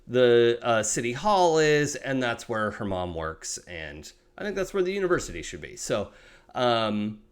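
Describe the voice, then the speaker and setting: A man runs a tabletop game at a middle pitch, describing scenes to his players. He hesitates often, circling back with ums and restarts before landing each thought. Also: big pitch swings, a little slow, smooth. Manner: hesitant, many fillers and restarts. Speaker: game master.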